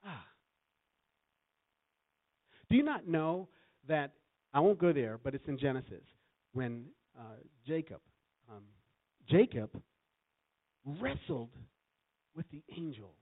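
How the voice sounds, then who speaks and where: A man delivers a sermon, weaving scripture quotations and an anecdote with emphatic rises. His voice sits a bit high. The sound is dry and narrow, like it comes through a phone. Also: sing-song, takes it slowly, long pauses, no echo. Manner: storytelling, quoting scripture with emphatic swells. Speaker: preacher. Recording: tinny phone-like recording.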